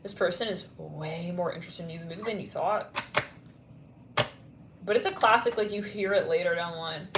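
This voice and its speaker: A woman's voice: fairly low pitch, moderate pace, pauses often, roomy sound, heavy background noise. A woman giving a casual tarot reading, rambling and blunt with lots of fillers. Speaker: tarot reader.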